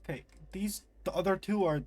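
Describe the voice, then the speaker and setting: A young man casually commenting as he plays a game live, chatty and self-mocking, reacting out loud. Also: sits high, a little fast, no room sound. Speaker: streamer.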